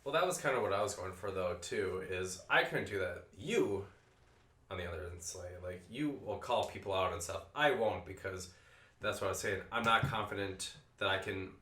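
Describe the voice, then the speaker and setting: A man's voice: low-pitched, moderate pace, pushed and bright. A man co-hosting a podcast in casual chat, joking and running himself down. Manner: joking, self-deprecating. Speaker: podcast co-host. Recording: echoey room with faint noise.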